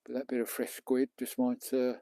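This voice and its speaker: A British man chatting casually on a live stream while he fishes on a beach. His voice is dark and mellow, recorded dry and close, and he jokes with viewers and swears now and then. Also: medium pitch, completely flat delivery, normal speed, no echo. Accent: British English. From England. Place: outdoors on a beach at night.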